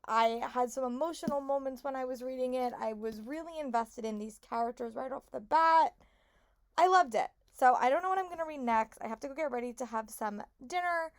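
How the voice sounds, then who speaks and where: A young woman talking casually in a reading vlog, gushing and repeating herself, her voice hoarse and congested. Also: fairly high pitch, no room sound. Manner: gushing, lots of "like" and repeated "really". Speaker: book vlogger.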